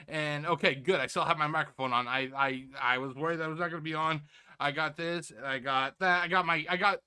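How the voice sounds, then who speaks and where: Guy doing a sarcastic rambly reaction video, kinda high bright punchy voice, keeps saying ladies and gentlemen. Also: smooth. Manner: sarcastic and rambling, many restarts; addresses viewers as ladies and gentlemen. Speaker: reaction channel host. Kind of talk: casual commentary.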